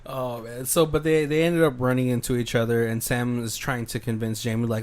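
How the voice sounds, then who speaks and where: A man's voice: medium pitch, little pitch movement, fairly quick, few pauses. A man co-hosting a podcast, casually recapping a horror film and acting out the characters' lines. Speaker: podcast co-host.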